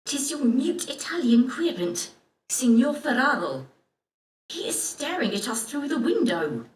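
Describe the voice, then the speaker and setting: A woman's voice: sits high, very animated, a little slow. An actress playing an earnest, spirited Elizabethan lady poet who speaks in archaic formal English. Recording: roomy, distant game audio.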